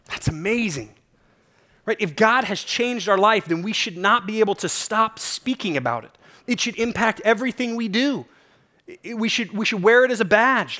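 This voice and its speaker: A pastor delivers his sermon in a relaxed, conversational way. His voice sits a little higher than most men's. He tells stories and presses his listeners emphatically and directly. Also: moderate pace. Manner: casual, conversational preaching with storytelling.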